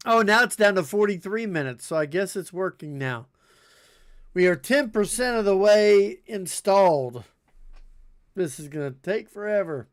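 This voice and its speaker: Giggly man reading corny jokes, lively voice. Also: normal speed. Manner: reads corny jokes aloud and laughs hard at them; giggly, breaks into high tearful laughter. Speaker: game streamer. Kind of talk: casual live-stream chat.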